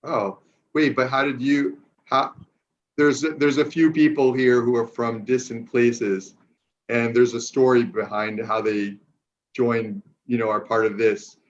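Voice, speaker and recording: A man's voice: mid-range voice, little pitch movement, measured pace. A man hosting an online gathering, talking casually with many fillers and restarts. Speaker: program host. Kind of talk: casual Zoom introductions. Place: New York City. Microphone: video call. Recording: dull lo-fi video call audio.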